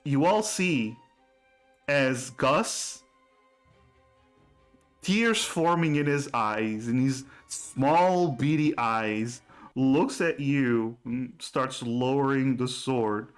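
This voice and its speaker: A man's voice: medium pitch, very slow, clean tone, soft background music. A man narrating a tabletop game as game master.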